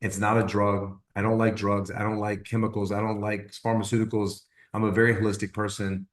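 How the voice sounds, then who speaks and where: A man's voice: on the low side, brisk, echoey room, recorded from a distance. A man giving a casual personal testimonial on an informational call, animatedly acting out the conversations he retells. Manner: animated storyteller acting out quoted dialogue.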